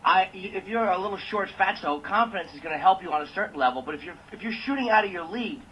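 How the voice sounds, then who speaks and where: A man's voice: sits high, animated, quick pace, slight background noise. A man co-hosting a radio show who states his views bluntly and matter-of-factly. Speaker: radio co-host. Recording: muffled lo-fi radio audio.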